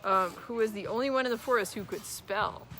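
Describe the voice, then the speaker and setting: A woman as guest storyteller, reading a children's story aloud in an animated way, with chatty asides. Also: medium pitch, fairly quick. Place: at home with her son near a swing.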